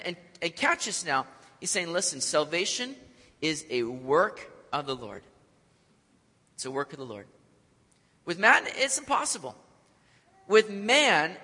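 A man's voice: sits high, bright, forceful tone. A man preaching a sermon with energy and joking with the congregation. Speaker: pastor. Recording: long hall reverb.

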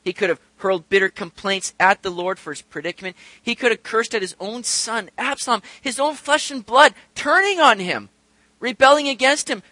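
A man's voice: very high voice, pushed and bright, no room sound. A male pastor preaching a sermon in a conversational way, telling a personal story and asking rhetorical questions.

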